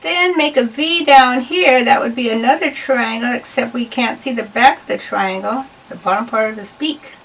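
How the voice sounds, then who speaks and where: A woman's voice: a little high, normal speed, vocal fry, few pauses, a bit bright. A woman giving a patient, step-by-step drawing lesson to children. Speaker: art teacher. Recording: voice a bit far from the mic.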